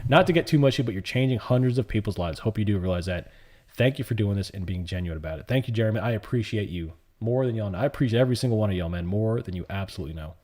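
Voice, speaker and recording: A man's voice: on the low side, expressive, rapid-fire, a little mellow. A man hosting a live stream, chatting casually, earnest and effusive, repeating himself as he talks. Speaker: livestream host. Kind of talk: casual livestream chat.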